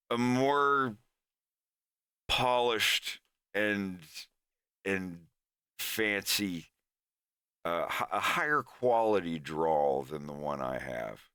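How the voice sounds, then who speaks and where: Man from Florida, Southern drawl, casual rambling chat, low voice, dry close sound. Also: bright, forceful tone, smooth, no room sound. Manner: rambling, restarts often, laughs easily. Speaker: animator and streamer.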